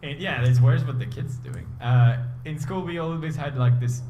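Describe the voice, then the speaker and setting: A man's voice: a little high, moderate pace, dull audio. A young man in a casual chat, blunt and joking, often laughing. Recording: echoey room with clear background noise.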